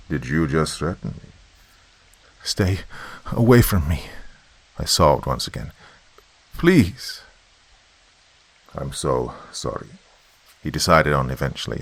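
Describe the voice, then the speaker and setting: Very deep gravelly male horror narrator. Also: fairly bright tone, dry recording.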